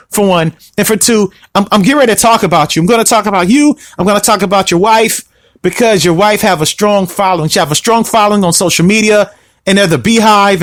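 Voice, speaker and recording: A man's voice: high voice, no echo, clean studio sound. Rambling man hosting a podcast. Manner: rambling, repeats phrases, asks "you see what I mean?". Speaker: podcast host. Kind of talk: casual solo podcast talk.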